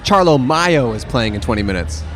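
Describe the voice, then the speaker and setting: A man's voice: mid-range voice, lively intonation, normal speed. A man co-hosting a podcast outdoors at a music festival, joking and riffing with his partner in casual chat. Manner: jokey, banters and riffs. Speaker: podcast co-host. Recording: outdoor noise in the background.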